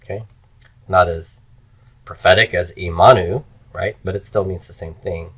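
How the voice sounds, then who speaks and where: A man's voice: low-pitched, fairly even intonation, normal speed, low-quality recording. A man teaching Hebrew grammar in a recorded lecture, explaining step by step and chanting word forms for students to repeat.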